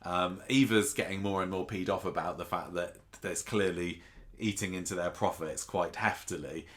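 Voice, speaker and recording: A man's voice: low-pitched, steady tone, normal speed, fairly bright tone. A man co-hosting a casual podcast, rambling and thinking aloud with restarts. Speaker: podcast co-host. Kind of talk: casual chat about a TV soap.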